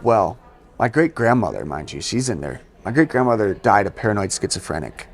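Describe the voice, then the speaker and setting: A man from the US East Coast, his voice lowish and sing-song, talks a little fast as an interview show guest recounting his life. He stays casual and conversational, often tossing in "you know" and playing out the quotes.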